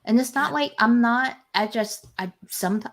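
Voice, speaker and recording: A woman's voice: fairly high pitch, normal speed. A woman hosting a casual livestream chat and reading out viewer comments, talking in a rambling way with frequent restarts. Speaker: livestream host.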